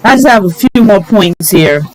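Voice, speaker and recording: A middle-aged woman giving relationship advice in a casual, animated vlog, exclaiming and talking straight to her viewers. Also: mid-range voice, normal speed, rough recording. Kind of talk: casual advice talk to camera.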